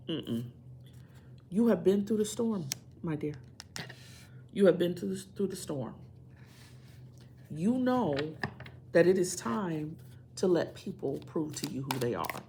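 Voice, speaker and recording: A woman's voice: low-pitched, noisy background. A woman doing a tarot reading, speaking emphatically and repeating phrases to drive her points home. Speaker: tarot reader.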